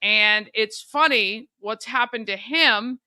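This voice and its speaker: A middle-aged woman from the United States chats on a morning show, easygoing and quick to laugh. Her voice sits a bit high and rings very bright. It is smooth and crisp, recorded close and dry. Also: dry recording. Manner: chatty, laughs easily. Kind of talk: casual chat.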